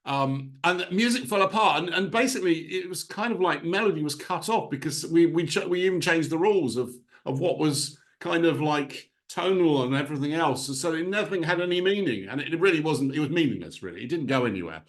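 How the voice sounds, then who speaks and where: A man's voice: fairly high pitch, expressive, brisk, hardly any pauses. Man musing aloud about music. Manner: thinks aloud, hums rhythms as da-da-da. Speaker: composer. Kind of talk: informal spoken lecture on music.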